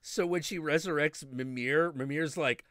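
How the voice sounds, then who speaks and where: A man's voice: fairly high pitch, normal speed, a bit bright, no echo, clean studio sound. A man in casual chat, animatedly retelling a video game story and acting out the characters, swearing freely.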